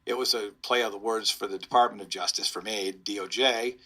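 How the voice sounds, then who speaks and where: A man's voice: fairly low pitch, steady tone, a little fast, pushed and bright, husky. A middle-aged man, a police public information officer, telling a rambling anecdote in an interview and chuckling as he goes.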